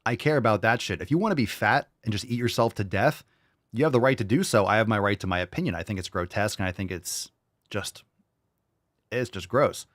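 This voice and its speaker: A man's voice: on the low side, fairly quick, no room sound, studio quality. Crude, combative male podcast host. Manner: crude, combative, profanity-laced ranting. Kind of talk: reaction commentary on clips.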